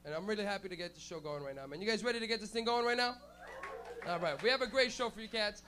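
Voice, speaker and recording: A man with a high voice works a club stage through a stage mic, hosting a stand-up night. He tells crude stories with lots of animation and breaks into loud shouted bits. He sounds like a comedian from Canada. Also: fast talker.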